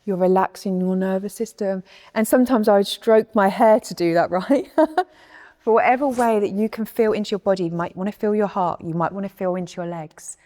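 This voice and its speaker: A woman giving a soothing spiritual talk, speaking softly and slowly and guiding the listener through calming breaths. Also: medium pitch. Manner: soft, slow and soothing, with a guided breathing passage. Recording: long echoing reverb.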